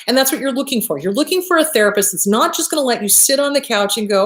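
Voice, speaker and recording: A woman's voice: high-pitched, animated, quick pace, few pauses. A woman therapist giving blunt advice, emphatic and swearing freely, often acting out quoted voices. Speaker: therapist and show host. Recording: echoey room.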